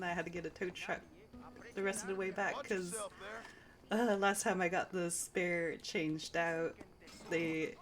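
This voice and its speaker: A woman's voice: on the low side, low-quality recording. A woman game streamer chatting casually while she plays, rambling through stories with lots of fillers and easy laughs. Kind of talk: casual chat while playing. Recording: game sounds and hoofbeats loud underneath.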